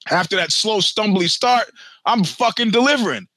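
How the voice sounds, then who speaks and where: A man's voice: high voice, lively intonation, moderate pace, sharp tone, no room sound. A man around sixty, a podcast host, telling a long personal story in a rambling, profane, self-mocking way.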